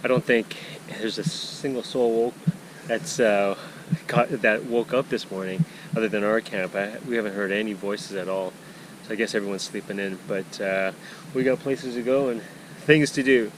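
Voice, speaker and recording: A man's voice: lowish voice, fairly even intonation, normal speed, background noise. A man narrating a casual canoe-trip vlog outdoors on a forest portage, rambling with many fillers and restarts. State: out of breath.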